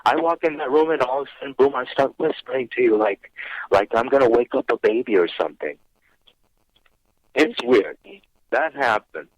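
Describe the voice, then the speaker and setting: A man's voice: mid-range voice, lively intonation, normal speed, dry recording. A man calling in to a radio show and telling a personal ghost story, acting out his own remarks along the way. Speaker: caller on a paranormal radio show. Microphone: phone. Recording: dull, dry phone line.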